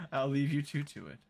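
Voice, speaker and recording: A woman in a live-streamed roleplay who talks calmly and teases gently. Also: deep voice, breathy edge. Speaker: roleplay player.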